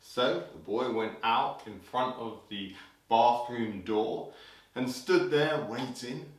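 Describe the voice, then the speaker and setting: A man hosting a children's show, telling a story playfully and breaking into sudden shouts, heard in an echoey room from a distance. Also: mid-range voice, slow. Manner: animated, leaps into loud sudden shouts for scares.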